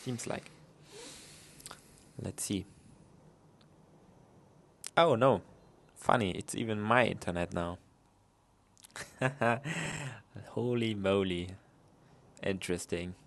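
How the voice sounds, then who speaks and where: Slow, gravelly-voiced man co-hosting a podcast. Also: fairly low pitch. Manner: chatty, laughs off technical trouble. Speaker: podcast co-host. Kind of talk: casual podcast chat. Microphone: online call setup.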